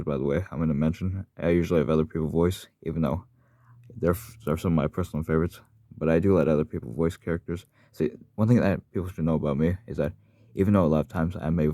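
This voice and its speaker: On his channel, a man who does fan voice acting chats about his characters in a bass, mellow voice. The studio-quality recording has no room sound. His casual monologue rambles, full of apologies and self-corrections.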